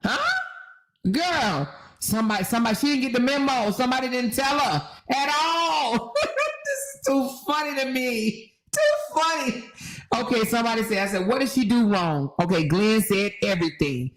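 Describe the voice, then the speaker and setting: A woman hosting casual commentary, talking in an animated, slangy way and laughing often. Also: on the high side, moderate pace, low-quality recording. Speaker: host.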